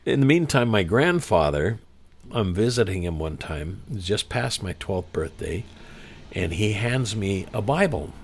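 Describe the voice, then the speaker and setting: A man's voice: fairly low pitch, expressive, a little slow, slightly rough. A man telling anecdotes as an interview guest, chuckling now and then. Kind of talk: casual storytelling.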